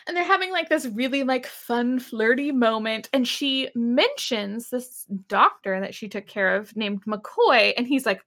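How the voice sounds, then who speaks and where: A woman's voice: fairly high pitch, lively intonation, unhurried, few pauses, fairly bright tone. A young woman co-hosting a casual chat, animatedly retelling a TV episode, putting on characters' voices and laughing often. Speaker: podcast co-host recapping an episode.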